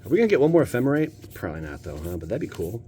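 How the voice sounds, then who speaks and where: A man's voice: medium pitch, sing-song, rapid-fire, dark tone, slight background noise. An American man hosting a casual pack-opening video, joking and talking straight to his viewers. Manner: playful, jokey, talks to viewers. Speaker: channel host opening card packs.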